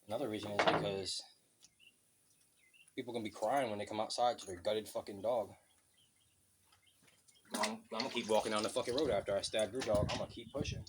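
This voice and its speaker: A man's voice: on the low side, fairly even intonation, brisk, long pauses, noisy background. A man in a casual vlog rant, telling stories bluntly and swearing a lot, outdoors by a road. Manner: profane, blunt, storytelling. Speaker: vlogger.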